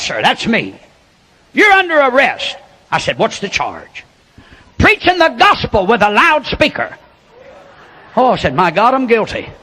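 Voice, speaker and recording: An older man preaching a sermon as a folksy storyteller, building to shouts. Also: extremely high pitch.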